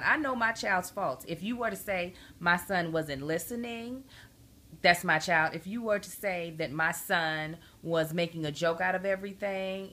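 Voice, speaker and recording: A woman vlogging to camera in a bright, tense voice, venting about a parenting problem. She is emphatic and animated and gets more indignant as she stresses her points. She talks casually and directly to her viewers. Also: on the low side. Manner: indignant, exasperated. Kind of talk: casual storytelling rant to camera.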